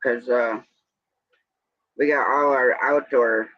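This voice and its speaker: A man's voice: mid-range voice, steady tone, slow pace. Chatty man on a lo-fi livestream. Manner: rambling, chatty, drifts between topics. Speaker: livestream host. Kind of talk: casual evening chat. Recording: dull lo-fi stream audio.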